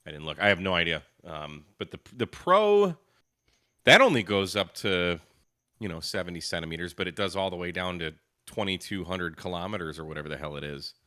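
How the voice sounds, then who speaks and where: A man with a very low yet bright voice co-hosting a casual livestream. He gives blunt, offhand opinions. The recording is dry. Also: animated, a little fast, no room sound. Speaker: co-host.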